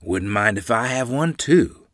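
A good-natured old grandfather from the frontier, friendly and unhurried, voiced by a male storyteller. The voice is husky with a lively lilt, recorded close and dry. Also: mid-range voice, no echo, voice pushed up. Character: kindly, strong old grandfather.

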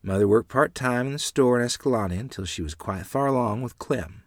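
A man's voice: mid-range voice, brisk, no echo, studio quality. A man narrating a family memoir aloud in a plain, earnest reading.

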